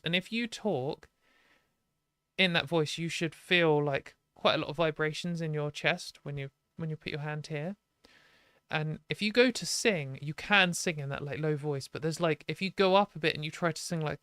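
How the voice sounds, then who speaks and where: British woman, live stream host, casual rambling advice, lots of fillers, smooth clear voice, close dry sound. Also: sits low, a bit bright, dry recording. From Britain. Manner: chatty and rambling, many fillers, self-deprecating.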